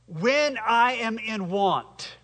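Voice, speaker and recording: A man preaching a sermon as pastor, speaking slowly and emphatically and calling the congregation to repeat lines after him. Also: sits high, expressive, fairly bright tone, in a large hall. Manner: slow, emphatic preaching with congregation call-and-response.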